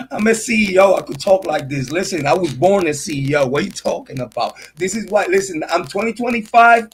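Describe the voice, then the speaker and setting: A man with a high-pitched voice talks on a casual livestream in a boastful, swaggering way, full of street slang. A faint hiss sits under his voice. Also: lively intonation, fairly quick, low-quality recording. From Puerto Rico. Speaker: true crime and sports commentary host.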